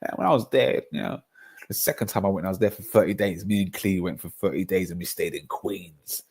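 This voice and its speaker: A man with a London accent hosting a casual football livestream, talking in an animated way, laughing often and reading out chat. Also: deep voice, a little fast, gravelly, slightly rough. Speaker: streamer.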